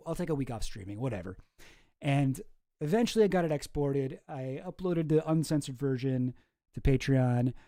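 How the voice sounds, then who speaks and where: Guy streaming, rambly and offhand, keeps trailing off, slightly high mellow voice, dry close sound. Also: no room sound. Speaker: streamer and video creator. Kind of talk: casual livestream chat.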